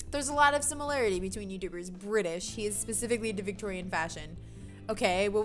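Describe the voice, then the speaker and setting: A bright-voiced woman chats and giggles through a game stream, reading the on-screen text aloud. Her voice sits a little high, and faint game music plays in the background. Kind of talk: let's play commentary.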